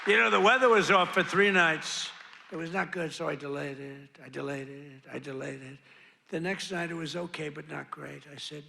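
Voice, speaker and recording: Fairly high-pitched, gravelly and sharp, an older man speaks a little fast at a rally, crowd noise around him. His speech is boastful and repetitive, straying into rambling side remarks.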